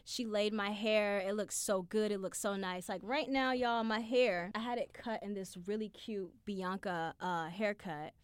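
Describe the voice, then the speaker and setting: Young female podcast host, casual profane storyteller, medium pitch, dry booth sound. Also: measured pace, few pauses, clear, resonant tone, dry recording. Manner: chatty, profane, animated, acts out her own quotes.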